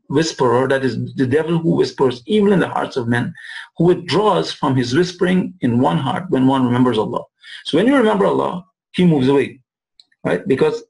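A male teacher with a gravelly, fry-edged voice walks students through Arabic verb forms. He checks in often with "right?" and draws out each Arabic word slowly so they can repeat it. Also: a little high, darkish tone, rough recording. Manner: repeats phrases and asks "right?" to check understanding; drawls Arabic words slowly to model pronunciation. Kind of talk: classroom lesson.

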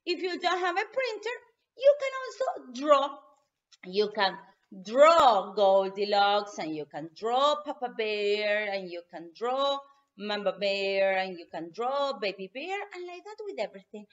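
A woman English teacher, reading a story aloud to children and talking to them in a slow, encouraging way. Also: mid-range voice, very animated. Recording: dull lo-fi recording.

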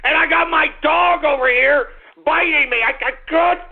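A man's voice: extremely high pitch, moderate pace. A man hosting a live call-in radio show, exasperated, swearing and repeating himself. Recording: lo-fi phone-quality radio broadcast.

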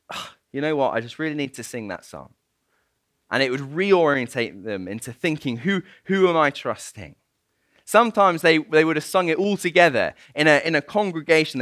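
A man preaching a sermon, spinning a story with lively, swooping intonation and a bright, forceful tone. He sits a little high for a man, and the sound is dry and close. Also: no room sound. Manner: storytelling, animated, laughs often. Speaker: guest preacher.

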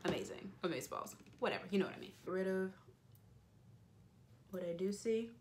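A woman's voice: medium pitch, steady tone, brisk, noisy background. A young woman beauty vlogger chatting playfully as she narrates each step of her makeup routine. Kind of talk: casual makeup tutorial chat.

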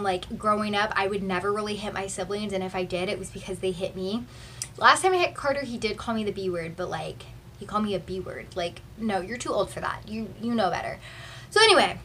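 A young woman from Texas chatting through a storytime vlog, animated and full of "like" fillers, filmed on a phone. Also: medium pitch, distant mic, a little hiss or hum. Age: young adult. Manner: chatty and animated, heavy use of "like". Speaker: vlogger. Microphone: phone camera.

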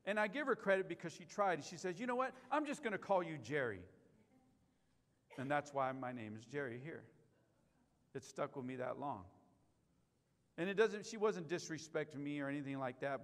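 A male pastor delivers a sermon in a high, ringing voice. He stresses key lines and puts questions to the church. The live stream carries a long reverb from the sanctuary. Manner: emphatic preaching, repeats key lines, asks the church questions.

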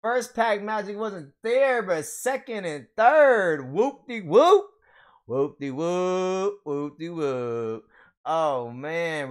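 Hyped young man opening card packs. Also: sits high. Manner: hyped, slangy, laughs often, talks to viewers. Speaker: card pack opener. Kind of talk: casual pack-opening vlog.

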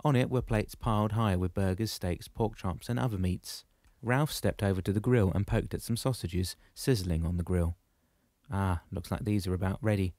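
Low-voiced man narrating a novel. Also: dry recording, studio quality. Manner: steady, measured storytelling. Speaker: audiobook narrator. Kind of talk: scripted narration.

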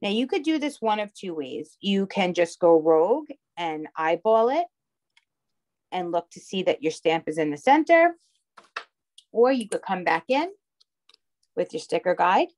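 A woman's voice: fairly low pitch, big pitch swings, unhurried, pauses often, a little mellow. A woman with a heavy Long Island accent teaching a live online craft class, chatty and often checking in with her viewers. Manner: chatty, checks in with "okay?" and "all right". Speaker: craft instructor.

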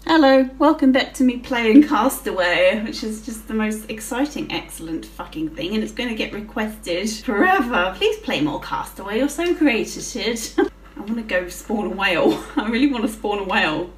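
A woman's voice: medium pitch, expressive, normal speed, distant mic, a little hiss or hum. A woman giving casual gameplay commentary, swearing freely and giggling often as she plays. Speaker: gaming channel host. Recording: roomy with faint music.

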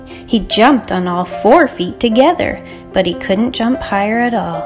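A woman teacher reading a children's picture book aloud, expressive and animated. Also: on the high side. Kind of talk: children's storybook read-aloud.

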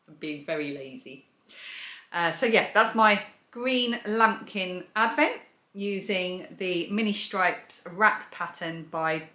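Speaking in a low, bright, forceful voice, a crochet and knitting channel host enthusiastically walks through her projects. The vlog is casual show-and-tell, and the room has a noticeable echo.

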